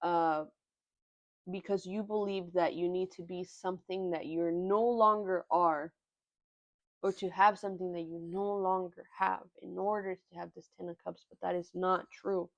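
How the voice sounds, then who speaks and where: Young woman doing a tarot reading, emotional and kinda halting, dry close sound. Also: fairly low pitch, steady tone, creaky, no echo, highs cut off. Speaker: tarot reader. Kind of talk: pick-a-card tarot reading.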